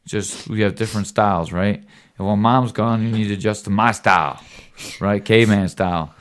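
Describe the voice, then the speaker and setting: Low-voiced dad giving an earnest lecture. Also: male voice, moderate pace, clear, resonant tone. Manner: earnest and rambling, often tagging "right?"; lecturing, occasional cussing. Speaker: podcast host talking with his son. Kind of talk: casual fatherly lecture.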